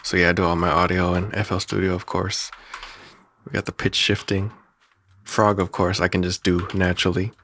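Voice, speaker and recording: A man's voice: low voice, level tone, normal speed, a bit bright, slight background noise. A man who animates and makes music, talking casually and in a rambling way through how he made a cartoon's sounds, often chuckling and restarting his sentences. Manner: rambling, chuckling, self-interrupting. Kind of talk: production breakdown talk.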